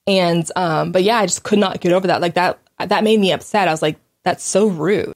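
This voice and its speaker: A host speaks alone in a casual, blunt, candid monologue, her voice on the low side. She tells her stories with animation, restarting quickly and laughing a little as she goes.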